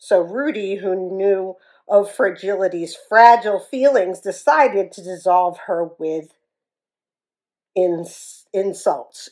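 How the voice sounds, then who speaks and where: A woman reading a children's story aloud in an expressive, animated way. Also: fairly low pitch, slow, low-quality recording.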